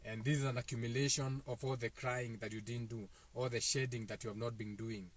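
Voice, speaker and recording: Kenyan male host, mid-pitched voice, loose rambling wellness talk, repeats himself often. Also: flat delivery, a little fast. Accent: Kenyan, Kikuyu-speaking. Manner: loose, repetitive, meandering speaking with fillers. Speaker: host of a self-help talk. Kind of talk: casual spiritual talk to viewers.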